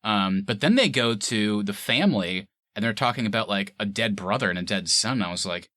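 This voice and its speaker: Animated man with a bright voice. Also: on the low side, fairly quick, hardly any pauses, no room sound. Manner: animated, acts out scenes in quoted voices, laughs often. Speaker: podcast co-host reviewing a film. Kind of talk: casual chat.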